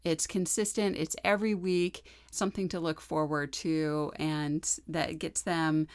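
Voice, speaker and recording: A woman's voice: sits low, level tone, a little slow, smooth. A woman co-hosting a casual parenting podcast, laughing often and finishing her partner's sentences. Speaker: podcast co-host.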